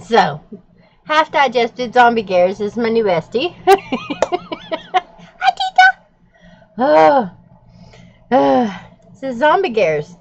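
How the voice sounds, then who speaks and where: Giggly high-voiced woman vlogging. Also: wildly swooping pitch, slow, vocal fry, pauses often, muffled recording, a little hiss or hum. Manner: giggly, laughs often while telling stories. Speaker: vlogger host. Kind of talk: casual plan-with-me vlog chat.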